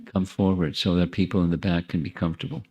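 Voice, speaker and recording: A monk gives an informal spiritual talk to listeners in a temple hall, speaking in a low, steady, dark voice at a fast clip. He chats conversationally, throws in asides to the audience, and restarts phrases as he works out his thoughts.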